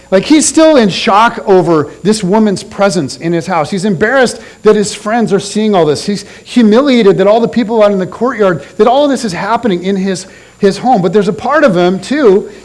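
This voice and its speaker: A man preaching a sermon as a pastor, telling a story with animated delivery and dropping low and soft for quoted lines. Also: low-quality recording. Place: church.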